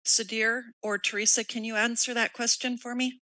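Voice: medium pitch, level tone, moderate pace, sharp tone, no echo, low-quality recording. A district staff member plainly explaining rate decisions at a public meeting, with a few restarts. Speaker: district staff answering questions.

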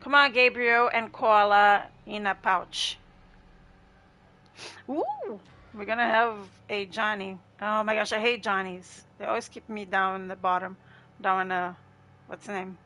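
A woman's voice: medium pitch, steady tone, a little slow, sharp tone. A woman chatting casually with her viewers while livestreaming gameplay. She laughs often and greets people in chat by name. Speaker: gaming livestreamer.

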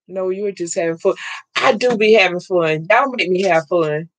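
A woman hosting a live crafting stream from home, loud and excitable, chatting with viewers and laughing often. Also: lowish voice, normal speed, no room sound. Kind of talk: casual live-stream chat, reading viewer comments.

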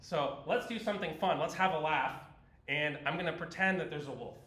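A man's voice: a little high, a little fast. A man voicing a bored, mischievous young shepherd boy in a storybook telling, in an echoey lecture hall. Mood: bored, scheming. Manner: playful, teasing, then panicked shouting.

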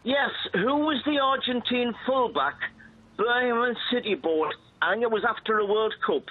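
A man's voice: very high-pitched, animated, moderate pace. A man calling in to a radio phone-in, dry and good-humoured. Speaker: caller. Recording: tinny phone line.

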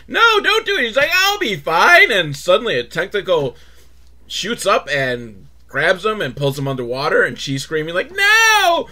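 A man hosting a comedic movie recap, rambling and sarcastic, acting out characters in squeaky voices. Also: fairly bright tone.

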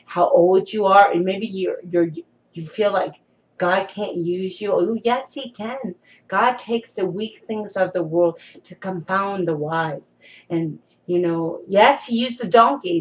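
A middle-aged woman preaching and delivering prophecy, moving from chatty asides to fervent shouting. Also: mid-range voice, low-quality recording. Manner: conversational, self-deprecating asides.

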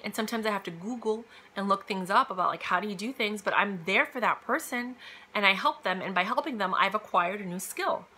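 In a casual, emphatic motivational monologue, a woman hands out career advice peppered with fillers and quoted asides. Her voice sits at medium pitch and sounds pushed and bright.

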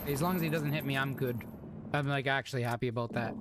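A man giving excitable gameplay commentary into a desk microphone, swearing and shouting exclamations at enemies. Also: medium pitch, fast talker, very noisy. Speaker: gameplay video host. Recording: loud gunfire from game audio. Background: game sounds, gunshots and clicks.

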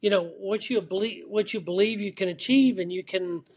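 High-voiced talkative man guest. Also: brisk, darkish tone, breathy edge. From Atlanta, Georgia. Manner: talkative, storytelling with repeated restarts. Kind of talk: casual interview chat. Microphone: remote call.

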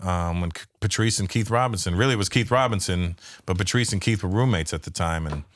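He's a stand-up comedian from Canada, in his fifties, chatting casually with profane, animated stories and acted-out voices for the people he quotes. The voice is low-pitched and a little fast, in a dry recording.

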